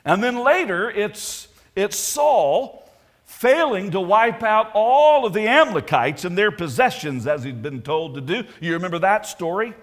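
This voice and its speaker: A man's voice: high-pitched, sing-song, a little slow. A male pastor preaching a sermon, emphatic and putting rhetorical questions to the congregation.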